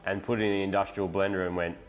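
A man's voice: low voice, little pitch movement, racing, faint music behind. A man co-hosting a casual show, laid-back and chuckling, stumbling into his stories. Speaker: co-host. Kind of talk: casual banter.

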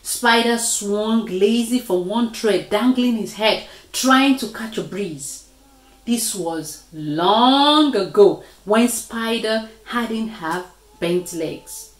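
Woman reading a story slowly to kids. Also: a little high, echoey room, rough recording. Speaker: children's story reader.

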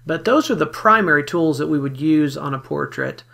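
Gravelly man walking through photo edits. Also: on the high side, normal speed. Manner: relaxed, explanatory, with fillers. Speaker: photography software tutor. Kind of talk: screen-recorded software tutorial.

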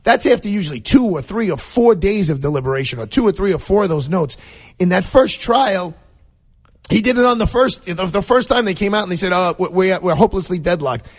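A man's voice: sits high, fairly quick. A middle-aged man from Brooklyn, a defense attorney chatting as a call-in radio guest and acting out quoted voices as he tells stories. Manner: animated storyteller, acts out quotes.

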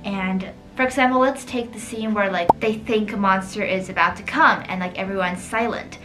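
A woman's voice: medium pitch, steady tone, normal speed, poor audio. A woman chatting casually about a film while she draws, with "like" dropped into nearly every sentence. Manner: chatty, leans heavily on "like" as filler. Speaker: art vlogger. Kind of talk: casual chat over drawing. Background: soft background music.

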